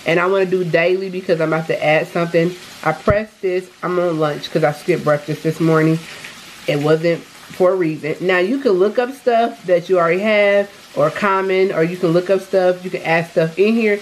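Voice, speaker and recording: A woman's voice: on the low side, fairly even intonation, moderate pace, a little hiss or hum, poor audio. A woman vlogging casually from her home kitchen, chatting upbeat to viewers and calling them y'all. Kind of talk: casual vlog chat.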